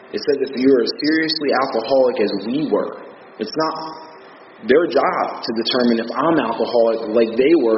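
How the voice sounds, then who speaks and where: A man with an American accent giving a candid personal testimony at a recovery meeting, talking casually with many fillers. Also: mid-range voice. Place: meeting hall. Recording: echoey hall, muffled audio with background noise.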